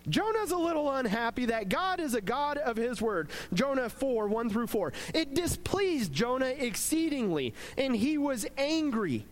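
A man gives a casual devotional talk with a very high voice for a man. He retells scripture in an animated, conversational way and reads some verses aloud. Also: measured pace, hardly any pauses. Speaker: preacher.

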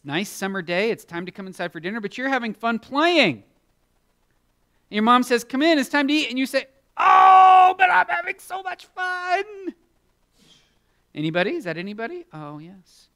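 An animated man preaching to children, his slightly high voice leaping up whenever he acts out a character. He asks the kids questions and keeps the lesson playful and expressive. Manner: animated, swinging pitch widely and acting out Bible characters. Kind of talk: children's sermon.

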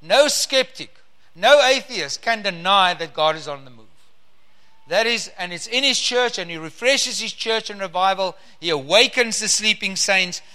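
Fervent bright-voiced preacher. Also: male voice, high voice, animated. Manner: fervent, drawn-out emphasis on key words. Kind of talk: sermon with scripture reading.

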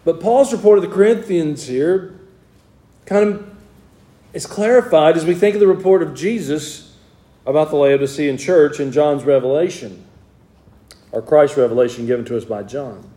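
A man's voice: on the high side, normal speed, dark tone, reverberant. A man preaching an evening sermon, reading scripture aloud and then explaining it in plain words. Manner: reads scripture in King James wording, then explains it plainly.

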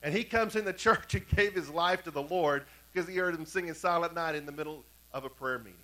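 A man preaches from the pulpit of a church, his voice high and notably bright. He tells long stories, dropping to near-whispers for quiet moments and rising again to drive home repeated points. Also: quick pace, low-quality recording. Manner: storytelling preacher, swings from hushed to emphatic. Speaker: pastor. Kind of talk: sermon. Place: church sanctuary.

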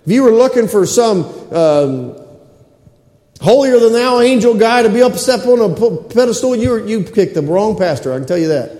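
A middle-aged man delivers a sermon from the pulpit, his high, mellow voice ringing through a reverberant church hall. He repeats his key lines for emphasis and keeps asking the congregation to answer back. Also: lively intonation, normal speed. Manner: emphatic, repetitive, asks the congregation for responses. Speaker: pastor. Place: church sanctuary.

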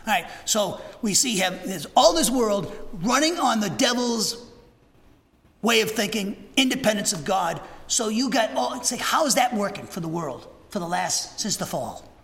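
Fiery, animated male preacher in a church. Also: sits high, normal speed, vocal fry. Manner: animated, swings from shouting to hushed asides. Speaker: pastor. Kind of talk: sermon. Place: church sanctuary. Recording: reverberant church sanctuary.

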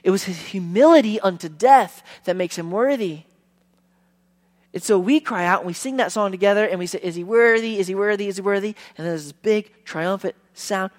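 A man preaching a sermon as a pastor, conversational with casual fillers, swinging from hushed lines to loud emphasis. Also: sits high.

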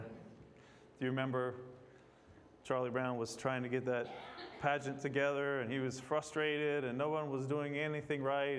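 A man preaching a sermon in a church, reading scripture aloud and asking the congregation questions in a conversational way. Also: medium pitch. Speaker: guest preacher. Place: church sanctuary. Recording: long hall reverb.

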